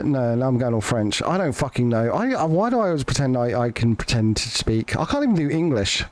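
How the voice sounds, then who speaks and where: Lively, sweary gaming streamer guy. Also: medium pitch, a little fast, hardly any pauses, no room sound. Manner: joking, sweary, rambling with restarts. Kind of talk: casual live-stream chat.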